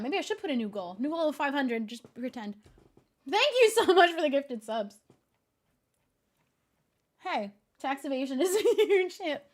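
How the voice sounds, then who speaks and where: A young woman streamer chatting casually with her viewers, laughing often and talking in a deadpan way. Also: a little high. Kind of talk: casual chat.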